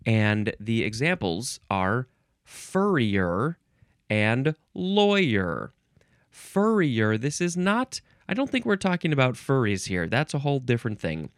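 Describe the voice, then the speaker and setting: A man's voice: mid-range voice, big pitch swings, slow, no echo, clean studio sound. A man hosting a casual solo podcast, reading dictionary entries with wry, musing, goofy asides.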